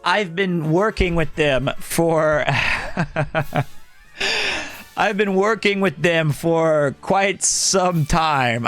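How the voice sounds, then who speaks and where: A man hosting a casual live stream, reading chat aloud in a loud, projecting, animated way. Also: on the high side.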